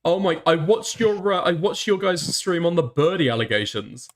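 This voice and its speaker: A man's voice: fairly high pitch, normal speed. A man hosting commentary, chatting on a call and reacting with profane, sarcastic laughs. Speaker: commentary host.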